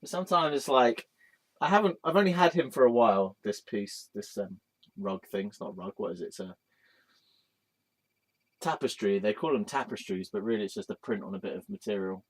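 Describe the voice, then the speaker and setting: A man's voice: on the low side, expressive, fairly quick. A man hosting his own vlog, rambling in a casual, joking way and chatting aloud to a picture as if it were a friend. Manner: playful, joking, talks aloud to an image of a deity. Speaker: vlog host.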